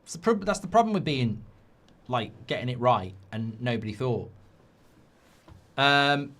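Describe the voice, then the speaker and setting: A man hosts a live football watchalong in a loose, chatty way. He answers viewer questions as he goes and gets excitable and sweary when the play frustrates him. His voice sits at an ordinary middle pitch. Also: a little slow. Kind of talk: live match watchalong chat.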